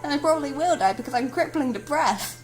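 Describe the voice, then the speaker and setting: A woman's voice: animated, normal speed, soft background music, rough recording. Sayori, a woman doing a tearful depressed teen girl. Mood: anguished. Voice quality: high, wobbly, tearful. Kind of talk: dramatic let's-play voice acting.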